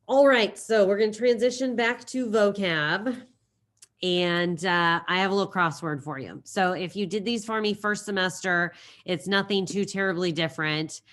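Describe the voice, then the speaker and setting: A woman's voice: medium pitch, normal speed, a bit bright. A woman teacher talking her class through a recorded lesson in a chatty way, telling a silly memory story and repeating key phrases.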